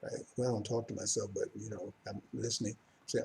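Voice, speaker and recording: A man in middle age giving a live religious talk to his followers. His voice is warm and mellow, and his delivery rambles, with restarts and asides. When he presses his message, it turns fervent and insistent. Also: mid-range voice, moderate pace, pauses often. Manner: rambling, self-correcting, rising to fervent emphasis. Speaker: religious teacher.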